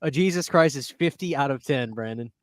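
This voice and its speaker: A man's voice: medium pitch, brisk, no echo, clean studio sound. A man hosting a casual podcast chat, laid-back and laughing often between fillers. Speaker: podcast host.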